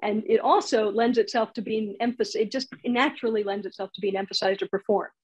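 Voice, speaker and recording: Chatty husky woman teaching comedy. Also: medium pitch, fairly even intonation, fairly quick, dull audio. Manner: chatty, laughs at her own examples. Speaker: comedy writing instructor. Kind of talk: casual online workshop talk.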